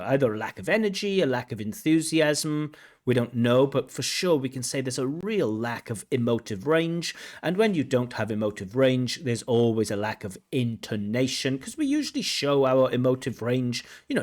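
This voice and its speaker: A man teaching as an examiner, breaking down a recorded speaking test with analytical commentary and lively intonation. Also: mid-range voice.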